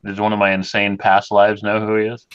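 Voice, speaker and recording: Low-voiced wry player man. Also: completely flat delivery, a little fast, fairly bright tone, clear, resonant tone, highs cut off. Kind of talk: tabletop role-play.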